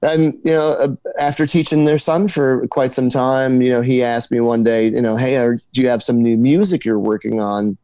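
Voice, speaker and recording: Man, new jersey guest, chatty storyteller, stumbles over repeats, middle pitch, dry close sound. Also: moderate pace, few pauses, clear, resonant tone, no room sound. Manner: animated storyteller, repeats words when excited. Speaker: guest musician. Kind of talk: casual storytelling interview.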